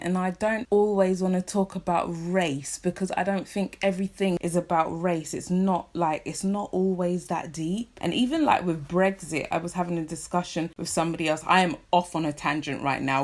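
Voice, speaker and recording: A young woman from London, speaking with a British accent and a slightly low voice, chats unscripted to camera as she does her makeup. She goes off on tangents, jumps between thoughts and keeps checking in with the viewer. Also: normal speed. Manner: rambling and animated, many asides and "do you know what I mean". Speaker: vlogger. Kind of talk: casual chat while doing makeup.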